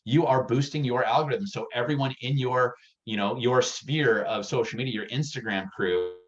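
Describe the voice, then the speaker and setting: A man giving a real estate sales workshop, energetic and direct, getting worked up as he talks. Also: medium pitch, moderate pace, muffled recording. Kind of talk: workshop presentation.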